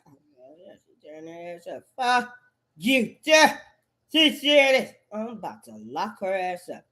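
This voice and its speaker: A woman's voice: medium pitch, sing-song, a little slow, fairly bright tone. A woman in a rambling, profane monologue, full of cursing and repetitive outbursts.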